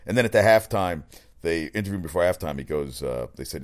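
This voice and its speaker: Deep-voiced man ranting about sports. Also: fast, vocal fry. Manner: excitable, profane, rambling with self-corrections. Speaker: sports commentator. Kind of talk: casual sports rant.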